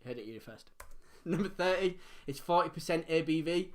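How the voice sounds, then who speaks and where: A man's voice: fairly high pitch, lively intonation. A man hosting a casual live quiz from his home dining room, reading out answers and chatting between them. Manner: reads answers briskly, chats and laughs between. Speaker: quiz host.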